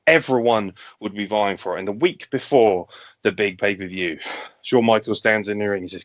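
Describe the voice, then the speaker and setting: A man's voice: lowish voice, normal speed. Lo-fi man telling wrestling stories. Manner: animated storyteller acting out wrestler promos. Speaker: podcast guest. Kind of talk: casual podcast chat, fantasy wrestling booking. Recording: lo-fi podcast audio.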